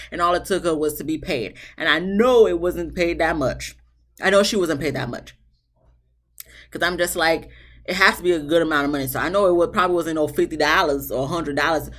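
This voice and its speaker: A woman's voice: on the low side, a bit bright. A woman giving a casual, slangy recap of a reality show episode, talking straight to her viewers. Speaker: TV show reviewer.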